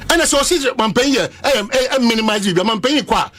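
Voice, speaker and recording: A Ghanaian man with a strikingly high, lively voice argues politics on a panel. He is emphatic and insistent and keeps cutting in over the others. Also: a little fast. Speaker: political commentator. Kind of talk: heated political panel debate.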